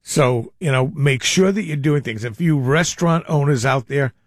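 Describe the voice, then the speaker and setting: A man's voice: mid-range voice, moderate pace, no room sound, studio quality. An older man hosting a call-in radio show, telling rambling stories with frequent chuckles. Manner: rambling storyteller, chuckles often. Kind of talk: casual radio chat.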